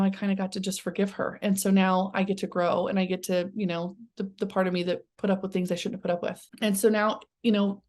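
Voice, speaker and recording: A woman co-hosting a podcast, talking casually in an earnest, halting way and repeating words as she goes. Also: medium pitch, a little mellow. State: tearful. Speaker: podcast co-host. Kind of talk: casual chat.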